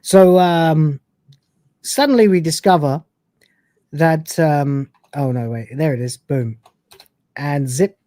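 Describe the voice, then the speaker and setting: A man's voice: fairly high pitch, slow pace, long pauses, mellow, no room sound. Rambling male show reviewer. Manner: rambling retelling with many fillers. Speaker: host. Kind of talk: live-stream show review, casual chat.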